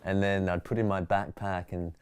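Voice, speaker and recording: Deep-voiced Australian man telling stories. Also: fairly quick, clean tone, dry recording. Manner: relaxed, storytelling, reflective. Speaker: stand-up comedian, guest. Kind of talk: interview conversation.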